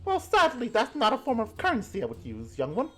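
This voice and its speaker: Woman doing a high, doting old granny. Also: huge pitch swings, fairly bright tone, soft background music, exaggerated voice. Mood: chatty. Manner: doting, drawn-out, singsong. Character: sweet, fussy old grandmother farmer.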